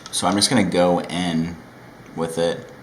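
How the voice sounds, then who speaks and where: A man giving a relaxed, rambling makeup tutorial at home, with self-deprecating asides. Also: low voice, measured pace, roomy sound, slight background noise, low-quality recording. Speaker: makeup vlogger. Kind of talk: casual chatty tutorial.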